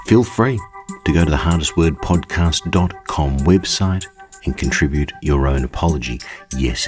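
A man hosting a podcast, introducing listeners' contributions in a chatty, informal way. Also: very deep voice. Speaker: podcast host. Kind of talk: podcast presenting. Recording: music playing behind the voice.

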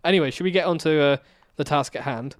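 A man co-hosting a podcast, rambling through a story with restarts and trailing off quietly at the ends of thoughts. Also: on the high side, quick pace. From England. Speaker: podcast co-host. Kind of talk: casual chat.

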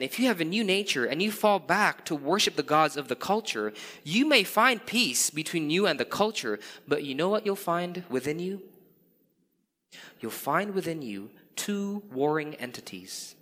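Male pastor in his thirties, crisp bright tone, earnest sermon in a reverberant hall. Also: on the high side, big pitch swings, moderate pace. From Indonesia. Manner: earnest, with candid self-deprecating storytelling.

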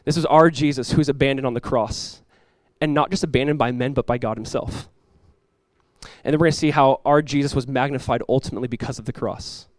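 A young man preaching a sermon as a pastor, telling stories in a casual, animated way with many asides. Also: medium pitch, a little fast, dry recording.

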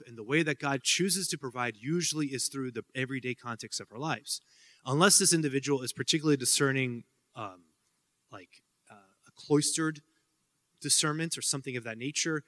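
A man with a mid-range, slightly bright voice gives a casual Q&A talk, answering students' questions. He rambles, using many fillers and making joking asides. The hall he's in has a long reverb.

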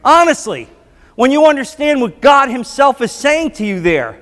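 A man's voice: very high voice, big pitch swings, moderate pace, fairly bright tone. A male pastor preaching a sermon with impassioned emphasis, building to emphatic declarations. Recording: long hall reverb.

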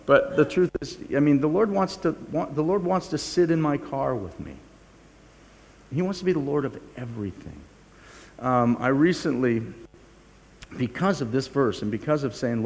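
Preaching in a mid-range, expressive, slightly mellow voice at normal speed, this older pastor delivers an earnest, confessional sermon. He keeps restarting sentences and pokes fun at himself, all under a long hall reverb.

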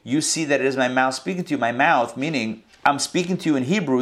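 A man teaching a scripture lesson verse by verse, in a conversational way with quick asides and restarts. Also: medium pitch, a bit bright. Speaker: Torah teacher. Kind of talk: casual verse-by-verse Bible lesson.

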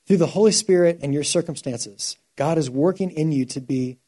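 A male pastor delivering a sermon, his voice sitting somewhat high yet soft and mellow. He tells stories with real energy, swinging from hushed, earnest passages to excited, louder bursts. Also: normal speed. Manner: animated storytelling, shifting from quiet to loud.

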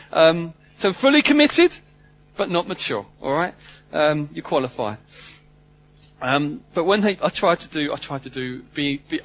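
Animated preacher, high voice. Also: male voice, highs cut off. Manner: animated, humorous, swings between loud and hushed. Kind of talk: sermon.

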